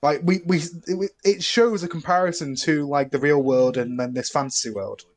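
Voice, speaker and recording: A young man, a filmmaker guest on a podcast, rambling and animated in casual film talk, laughing often. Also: fairly high pitch, moderate pace. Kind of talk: casual film review chat.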